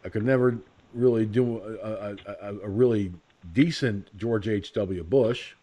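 A man hosting a casual radio talk show, blunt and profane, rambling and slipping into quick impressions. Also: fairly low pitch, warm tone. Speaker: host.

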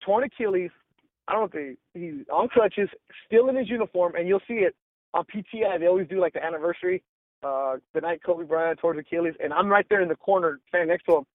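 A male sports reporter telling stories in a casual interview, animated and full of "like" and "bro", acting out quotes. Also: sits high, fast, dry recording, phone-quality sound. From Los Angeles. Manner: animated, acts out quotes, says "like" and "bro" often.

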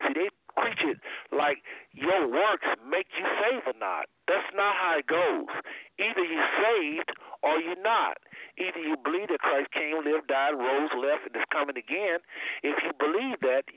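Male call-in host preaching emphatically, lively pitch, slightly high, dry tinny phone audio. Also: a little slow, dry recording. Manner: emphatic, repeats key phrases.

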